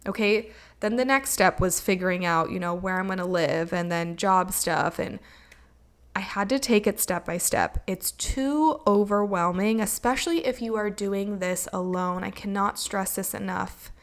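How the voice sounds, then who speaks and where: A woman's voice: mid-range voice, moderate pace. A young woman hosting her own podcast, talking in a casual, earnest and reflective way, often slipping into encouraging advice and filling with "like" and "you know.". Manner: earnest, reflective, motivational, with many likes and you knows. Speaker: podcast host. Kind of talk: casual solo podcast monologue.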